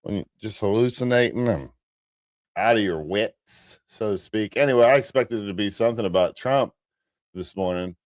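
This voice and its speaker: A man with a deep, low American voice rambles through a casual morning stream, restarting sentences and laughing at his own asides. The sound is close and dry, with no room around it. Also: moderate pace, no room sound. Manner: rambling, restarts, chuckles at himself. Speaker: host of a live morning commentary stream.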